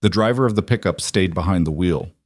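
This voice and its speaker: A man narrating a suspense story in a measured, scripted way. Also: low voice, a little mellow, dry recording, studio quality.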